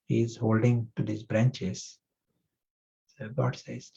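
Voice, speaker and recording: A male spiritual teacher giving a class, reflective and gentle, telling a parable and asking his listeners questions. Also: medium pitch, steady tone, slow, vocal fry, breathy edge. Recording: muffled lo-fi recording.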